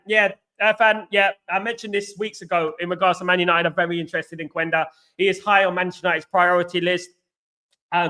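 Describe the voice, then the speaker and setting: A man's voice: sits high, bright, forceful tone. A man with a London accent hosting a live fan stream, chatting animatedly and answering viewers by name with casual slang. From England. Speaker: fan channel host. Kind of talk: live stream chat reading comments.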